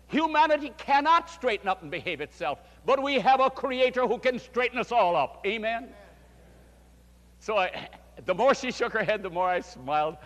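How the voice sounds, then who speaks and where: A man's voice: sits high, animated, a little fast, a bit bright. An older man, a pastor, preaching a storytelling sermon with fervent emphasis. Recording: long hall reverb.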